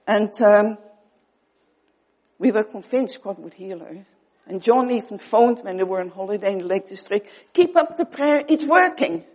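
A woman preaching an earnest sermon, pausing often and dropping to soft tones for emphasis. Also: medium pitch, breathy edge.

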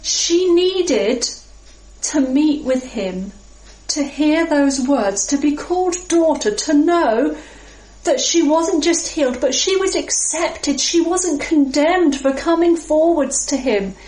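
A woman preaching a sermon in a reflective, measured way with pauses. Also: sits high, animated, darkish tone. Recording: echoey room.

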